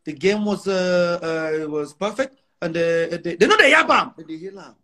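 Speaking at normal speed in a high, sharp-toned voice, a Nigerian musician in his forties gives an animated interview. He mixes Nigerian English with Pidgin, boasting emphatically and repeating himself often.

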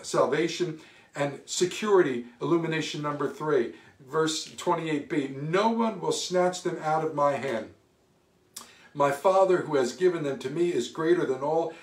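Male pastor, fervent call-and-response preacher, higher voice, picked up from across a reverberant church. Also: distant mic. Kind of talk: sermon. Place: church sanctuary.

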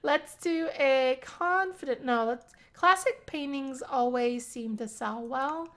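A young woman hosting a life-sim game channel, giving excitable casual commentary with frequent squeals and laughter. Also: high-pitched, takes it slowly. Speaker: gaming channel host. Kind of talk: casual let's-play commentary.

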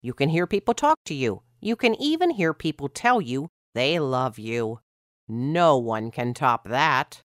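A woman voicing a friendly talking ear in a children's story, polite and gently boastful. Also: rumbling low, sing-song, unhurried, no echo, studio quality, exaggerated voice. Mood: proud.

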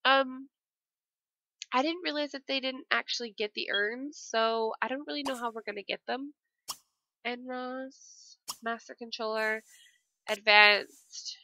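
A woman's voice: on the high side, fairly even intonation, unhurried, sharp tone, muffled recording. A woman giving casual, emotional commentary while playing a life-simulation game, with frequent dramatic exclamations. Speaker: let's play gamer.

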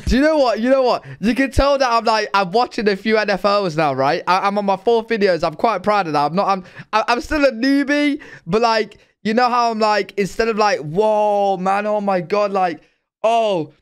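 A man's voice: sits high, brisk, few pauses, smooth. A young British man reacting to sports clips with hyped, slangy, swearing commentary. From Britain. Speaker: reaction video host. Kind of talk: excited casual reaction commentary. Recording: music playing loud behind voice. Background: hip hop music.

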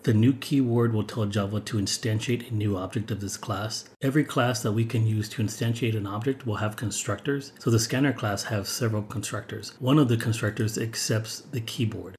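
A man with a low voice gives a recorded programming lecture, walking through his code one step at a time. He talks in a steady, methodical way. A faint hum of room ambience sits behind him. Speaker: programming instructor. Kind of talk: screen-recorded coding lecture.

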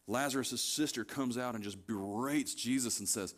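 A man's voice: mid-range voice, steady tone, fairly quick, hardly any pauses. A man preaching a conversational sermon as pastor, retelling scripture scenes casually and pressing his points with repetition.

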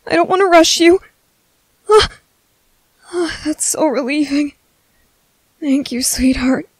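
A woman voicing a timid, gentle young man who stammers softly and apologizes, in a whispered role-play. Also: extremely high pitch, slow pace, dry recording, full character voice, low-quality recording. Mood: tender, shaky. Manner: hesitant, stammering, soft-spoken.

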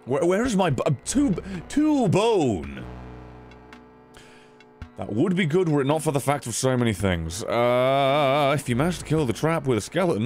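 An excitable man talks through a card game on stream, swearing freely and jumping into sudden squealing highs. His pitch swings widely over a mid-range voice, and faint music plays underneath. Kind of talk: casual gameplay commentary.

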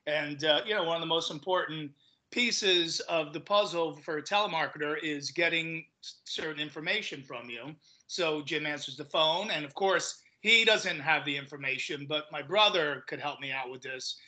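A man's voice: fairly high pitch, moderate pace, sharp tone, low-quality recording. A man in casual podcast chat as a guest comedian, telling stories animatedly and acting out the quoted voices, often repeating words as he restarts.

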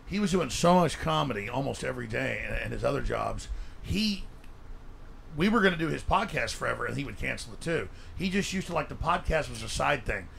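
A middle-aged man with a deeply gravelly, fried voice, talking fast and loud as a guest in a rowdy group chat. His tone is bright and forceful, with a faint ambient hiss behind him. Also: lively intonation.

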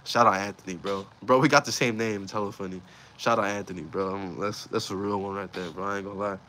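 Low-voiced young man telling a story. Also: fairly even intonation, fast, bright, forceful tone. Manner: slangy, profane, rambling retelling. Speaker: vlogger telling a personal story. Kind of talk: casual storytime.

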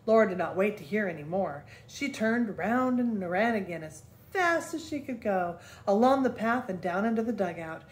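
An older woman, a grandmother, gently reading a children's book aloud as a storyteller. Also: mid-range voice, echoey room.

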